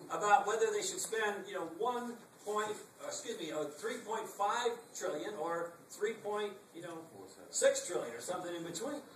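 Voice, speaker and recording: Middle-aged man, higher pitch, emphatic political speaker, echoey room recorded from afar. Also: distant mic, a little hiss or hum. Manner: emphatic, rhetorical repetition, wry asides. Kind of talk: campaign stump speech. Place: packed meeting room.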